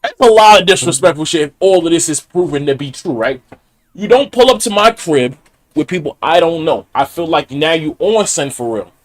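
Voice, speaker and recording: A man's voice: fairly high pitch, expressive, fairly quick. A man casually commenting on a clip he is reacting to, with laid-back asides.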